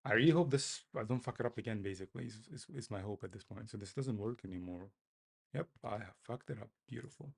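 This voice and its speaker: Male developer, husky fry in the voice, casual live-coding talk, mutters and laughs at his own mistakes. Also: fairly low pitch, quick pace. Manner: mutters to himself, self-mocking, repeats phrases.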